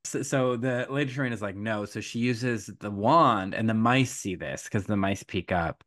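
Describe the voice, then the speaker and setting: A man co-hosting a casual podcast chat, recapping a plot in an animated way and laughing often. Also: lowish voice, moderate pace, no room sound, studio quality. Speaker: podcast co-host. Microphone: podcast microphone.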